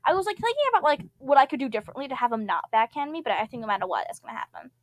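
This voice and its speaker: A young woman plays a story game and reads its text aloud, breaking into giggly, rambling asides. Her voice sits on the high side and sounds dry and close. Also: animated, racing, dry recording. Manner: giggly, rambling, trails off mid-word. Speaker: gamer. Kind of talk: casual gameplay commentary, reading the game text aloud.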